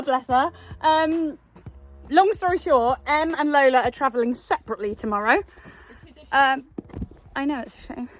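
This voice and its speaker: A high-pitched woman chats casually to the camera from her stables. She switches into cooing baby talk whenever she speaks to her animals. Faint music plays underneath. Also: fairly bright tone. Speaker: vlogger. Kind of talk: casual vlog chat.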